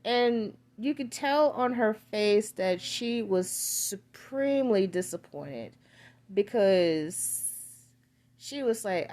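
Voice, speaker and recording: A woman's voice: mid-range voice, lively intonation, slow, a little mellow. A woman casually recapping a film's plot, rambling with crude slang and lots of filler words. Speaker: film reviewer.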